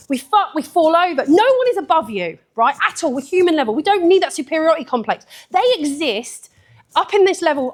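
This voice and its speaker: A woman giving a blunt, sweary, chatty talk at a photography event, laughing often. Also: high-pitched. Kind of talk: live conference talk.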